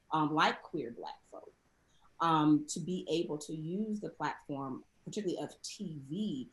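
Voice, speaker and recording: A young woman from the South, speaking expressively as a showrunner guest in a roundtable conversation. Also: fairly low pitch. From American South. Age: young adult. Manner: expressive, animated. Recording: roomy echo.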